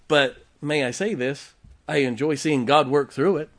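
A man's voice: a little high, a little slow. A man preaching a sermon as pastor, emphatic, with rhetorical questions, joking asides and check-ins with the congregation.

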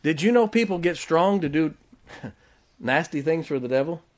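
A man's voice: a little high, expressive, moderate pace. A man preaching a sermon as pastor, emphatic, with rhetorical questions, joking asides and check-ins with the congregation.

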